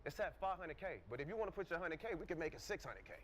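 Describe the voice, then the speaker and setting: Male podcast co-host, quick and confrontational, faint room noise. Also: on the high side, very animated, fairly bright tone. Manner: confrontational trash talk, fillers of "like". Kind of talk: casual couch podcast banter. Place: studio couch.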